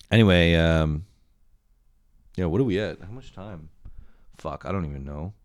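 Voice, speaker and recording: A man's voice: low voice, slow pace, pauses often, no echo, clean studio sound. A young man hosting a solo podcast, rambling and swearing with self-mocking laughs. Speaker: podcast host. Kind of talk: solo comedic podcast rant.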